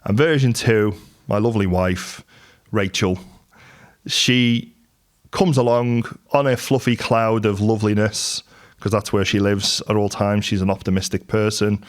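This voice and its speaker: A middle-aged man talks straight to camera about business, in a candid, storytelling way. His voice sits on the lower side, and the talk is unscripted and conversational. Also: steady tone, unhurried. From England. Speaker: business and property coach.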